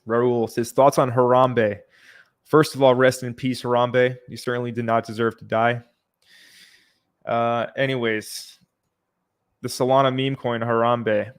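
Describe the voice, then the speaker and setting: Flat-voiced man hosting a chatty livestream. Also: mid-range voice, a little slow, pauses often, clean tone. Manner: relaxed, chatty, reads out viewer comments. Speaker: livestream host. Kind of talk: casual livestream commentary.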